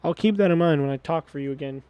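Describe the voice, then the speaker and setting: A man's voice: on the high side, fast, clear, resonant tone, lo-fi sound. A man giving profane, exasperated let's play commentary on a game. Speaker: game streamer.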